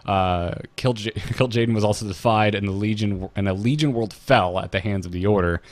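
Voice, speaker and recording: Low-voiced man in casual podcast chat. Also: brisk, no room sound. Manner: relaxed, stammering restarts, jokey. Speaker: podcast co-host.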